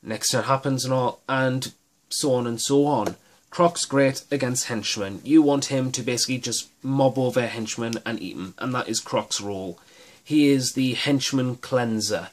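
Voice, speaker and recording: A man with a medium-pitched voice talks through tactics on his own miniatures gaming channel at a moderate pace. He's casual and enthusiastic, rambling a bit and restarting his sentences often.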